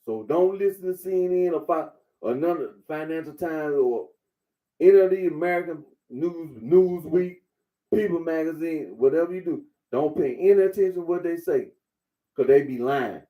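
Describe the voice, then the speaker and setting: This commentator's casual monologue is blunt and repetitive, aimed squarely at the listener like a lecture. He speaks at a moderate pace in a mellow voice that leans high.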